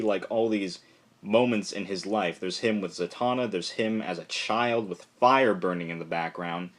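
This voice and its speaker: A young man talks through a comic issue in a loose, rambling way. His voice sits a bit low, and he keeps slipping into quick impressions of the characters. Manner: rambling, lots of fillers, acts out characters' lines. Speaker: comic book reviewer. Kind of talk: casual solo review.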